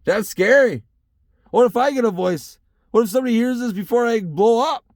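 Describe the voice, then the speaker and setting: A man's voice: very high-pitched, fairly quick, dry recording, studio quality. A young man hosting a casual solo podcast from his truck, ranting in a heated, rambling way and swearing constantly. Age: young adult.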